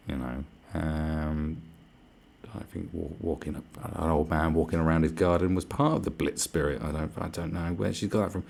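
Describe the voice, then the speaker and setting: A man's voice: extremely low pitch, fairly quick, gravelly, darkish tone. A man hosting a live stream, ranting in exasperated, profane commentary and muttering to himself.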